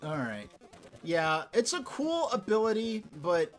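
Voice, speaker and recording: A man from New York chatting casually and rambling while he streams a video game, getting excited easily. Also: high-pitched, a little slow, faint music behind.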